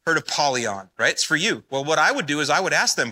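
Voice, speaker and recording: Bright, punchy man on stage. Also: fairly high pitch, quick pace, few pauses. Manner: energetic, asks the audience questions. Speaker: conference speaker. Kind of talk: conference keynote talk.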